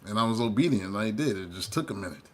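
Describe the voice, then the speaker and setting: A man's voice: on the low side, animated, fast talker, husky. Chatty rambling male tarot reader. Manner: chatty, rambling, loose asides to viewers. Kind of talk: casual storytelling monologue.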